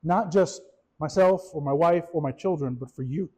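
A man, a pastor, giving a casual, animated sermon, often repeating words and asking his listeners questions. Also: fairly high pitch, moderate pace, husky, poor audio. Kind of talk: conversational sermon.

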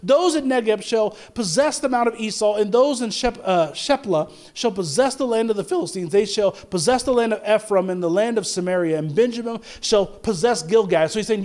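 Guy preaching, very high voice, gets loud then drops low, trips over his words a lot. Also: expressive, a little fast, few pauses. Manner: impassioned preaching, swinging between loud and low; stumbles and restarts often. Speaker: pastor. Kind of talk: sermon.

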